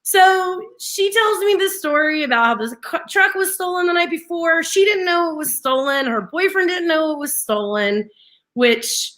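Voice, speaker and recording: A woman's voice: very high-pitched, normal speed. A young adult woman co-hosting a radio show, telling a story animatedly and laughing often as she acts out what people said. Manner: animated, laughs often, slips into quoted voices. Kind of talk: casual morning-show storytelling.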